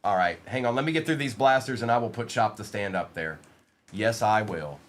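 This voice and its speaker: A man's voice: on the low side, animated, a little fast, slight background noise. A man hosting a live-streamed trading card break, reading out player names and bantering with the chat in a playful way.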